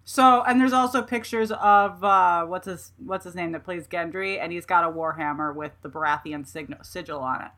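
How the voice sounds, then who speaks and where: A woman hosting a podcast in casual chat, animated and often laughing. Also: lowish voice, normal speed, few pauses. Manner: animated, laughing, quotes herself in voices. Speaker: podcast host.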